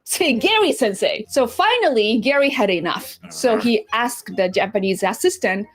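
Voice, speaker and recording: A woman guest telling a story in an animated, playful way. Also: fairly high pitch, moderate pace.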